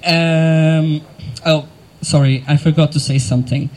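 A man working as MC at an outdoor gathering, speaking emotionally and haltingly, with frequent fillers and small laughs. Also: fairly high pitch, steady tone, darkish tone, poor audio. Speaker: event MC. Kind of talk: live outdoor event hosting. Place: outdoor event crowd gathering.

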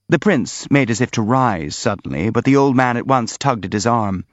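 Expressive male audiobook narrator. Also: medium pitch, no echo. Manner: expressive, measured reading. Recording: slightly dull dry recording.

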